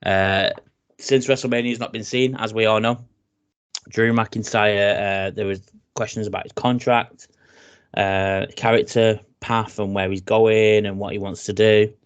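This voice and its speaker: A man with an English accent hosts a casual chat show and reads news items aloud. His voice sits fairly low, and he stumbles into restarts and filler words as he goes. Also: little pitch movement, unhurried, clean tone, dull audio. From England. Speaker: podcast host.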